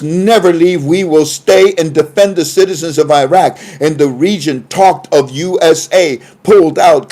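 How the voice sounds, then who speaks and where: A man with a mellow, darker voice talks through reports in a casual livestream commentary. He keeps breaking into chuckling asides, trailing off and restarting his sentences, and he records on a phone. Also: a little high. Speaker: online commentator.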